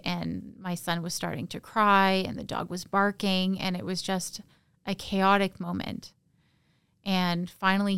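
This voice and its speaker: A woman from Canada, a podcast guest, recounting a personal story in a halting, emotional, soft-spoken way. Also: lowish voice, gravelly, smooth, dry recording.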